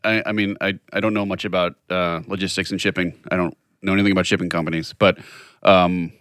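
A man co-hosting a podcast in casual chat, quick and joking in his banter. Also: low-pitched, flat delivery, a bit bright, dry recording, clean studio sound. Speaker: podcast co-host.

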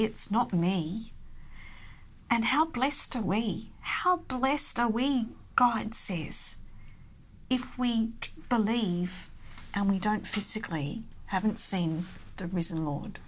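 Female guest, unhurried, earnest personal reflection. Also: mid-range voice, a little hiss or hum. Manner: earnest, personal, speaks of her own faith. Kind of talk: devotional conversation.

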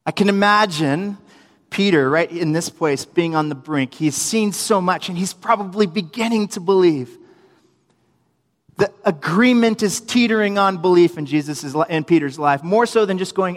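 Young male preacher with a high voice, animated storyteller, long room echo. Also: moderate pace. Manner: storytelling, animated, acts out quotes, humorous asides. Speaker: preacher, youth minister. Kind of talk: sermon.

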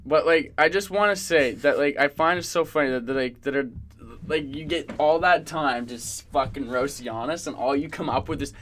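A young man co-hosting a loose podcast, trailing off and restarting as he riffs on sports gossip with plenty of curses. His voice sits slightly higher than most men's. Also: moderate pace, a bit bright, a little hiss or hum. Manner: profane, rambling, laughing jokes. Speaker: podcast co-host. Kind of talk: casual podcast banter.

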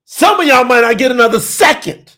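A man preaching an urgent sermon, shouting and pleading with his listeners. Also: extremely high pitch, animated, a little fast. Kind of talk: fiery sermon.

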